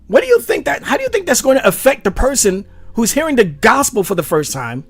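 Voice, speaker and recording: A man hosting a commentary channel, reacting to a debate clip with animated, sarcastic asides. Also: very high voice, fast talker, soft background music.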